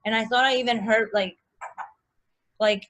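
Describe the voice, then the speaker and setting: A woman telling a personal story as a guest in a casual chat, animated, full of likes and restarts. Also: on the high side, moderate pace, lo-fi sound.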